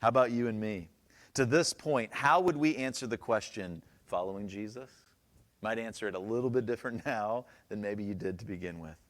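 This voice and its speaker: A man's voice: on the low side, a little fast. A man pastor preaching a sermon in a church, conversational and joking, asking the congregation questions.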